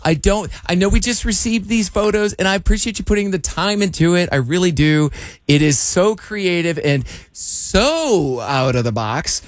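A man's voice: high-pitched, lively intonation, moderate pace, no echo, clean studio sound. A male radio host talking awkwardly and politely, hesitating often.

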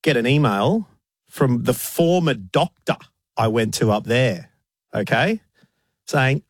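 A man's voice: medium pitch, expressive, slow pace, pauses often, dry recording, studio quality. A man, co-hosting casual banter, telling wry stories and mimicking others. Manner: wry storytelling, mock voices in quotes. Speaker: radio co-host.

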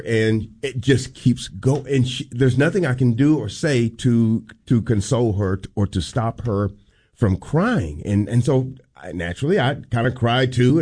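A man co-hosting a radio show, telling a personal story on air in a casual, earnest, halting way. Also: mid-range voice, darkish tone.

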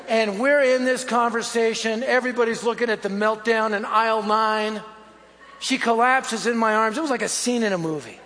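A pastor with an extremely high, fairly bright voice preaches a sermon at normal speed in an echoey hall. He tells stories and exhorts his listeners with punchy lists.

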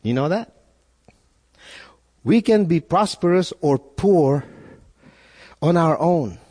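A man preaching a sermon in a lively, swooping voice that sits a little high. He leans on repetition and rhetorical questions. His voice rings through a reverberant church hall. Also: slow, breathy edge. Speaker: pastor.

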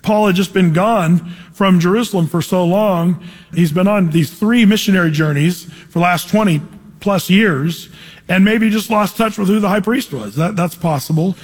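A man preaching an expository Bible teaching, animated and conversational, asking his congregation questions as he reads the passage. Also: high-pitched, slightly rough. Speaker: pastor. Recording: long hall reverb.

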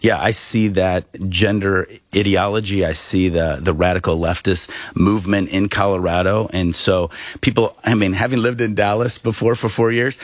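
Deep husky-voiced man, emphatic pastor. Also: fairly even intonation, normal speed, dry recording. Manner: earnest, emphatic preaching tone. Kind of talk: radio interview guest.

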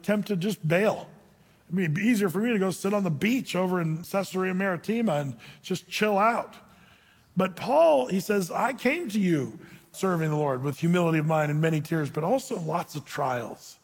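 A man preaching a sermon as a pastor, animated and acting out quoted voices. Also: high voice, slightly rough, long reverb tail.

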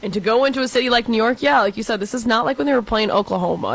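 A man's voice: extremely high pitch, rapid-fire, gravelly, few pauses, fairly bright tone, dry recording, rough recording. A man in his twenties from Texas who talks casual sports in a chatty way, full of fillers. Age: 20s.

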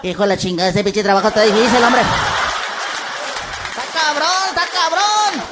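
Brief: man playing a grumbling laborer, high and lively, off mic, loud crowd. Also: fast, heavy background noise. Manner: muttering complaints. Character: grumbling male Mexican laborer.

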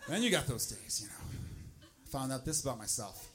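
A man doing a stand-up comedy set, sliding into loud, mocking quoted rants. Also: medium pitch, big pitch swings, brisk.

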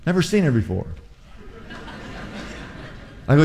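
A man's voice: on the high side, sing-song, moderate pace, creaky, pauses often, dark tone, a little hiss or hum. An older male pastor preaching a sermon with emphatic, repetitive exhortations. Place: church sanctuary. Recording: echoey hall.

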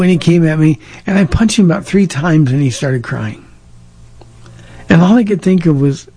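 A man's voice: on the high side, animated, moderate pace, dark tone, breathy edge. A man from Southern California, a pastor answering listener questions in a plain-spoken, direct way and telling stories from his life. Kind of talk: casual call-in advice talk.

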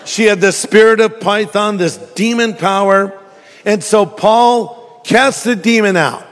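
A man preaching a sermon in church, slipping into jokey stories with an animated, lively delivery. His fairly high voice rings out with a long hall reverb. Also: a little slow. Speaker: pastor.

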